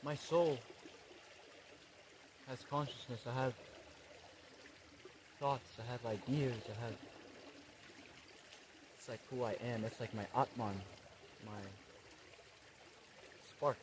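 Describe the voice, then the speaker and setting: A man in a parody spiritual vlog monologue, talking in laid-back bro slang with swearing and a slow, dreamy delivery. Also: medium pitch, steady tone. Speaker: comedy creator. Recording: running water noise behind. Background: trickling, pouring water.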